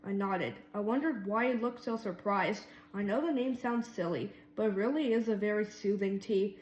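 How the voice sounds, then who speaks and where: A woman's voice: medium pitch, normal speed. Woman reading a storybook, roomy sound. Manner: lively, voices each mouse character. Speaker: reader. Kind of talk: storybook read-aloud.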